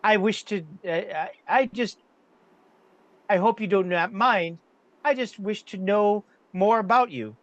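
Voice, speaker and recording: A man voicing a small, sly male rogue who flatters with overly formal, stumbling speech. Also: sits high, unhurried, no room sound, dull audio. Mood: flustered courtly. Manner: fumbling, overly formal speech full of restarts.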